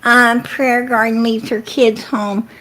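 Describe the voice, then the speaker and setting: A woman's voice: fairly high pitch, little pitch movement, slow pace, a bit bright. A woman hosting a livestream, telling stories and arguing with viewers in a blunt, profane way. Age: adult with four kids. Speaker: livestream host. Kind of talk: casual livestream talk.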